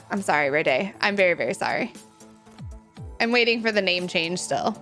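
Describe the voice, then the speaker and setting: A woman's voice: medium pitch, expressive, fairly quick, a bit bright. A woman streamer chatting casually with her live chat, giggly and full of "like," reacting to viewer messages. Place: home room with a window. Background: faint game music.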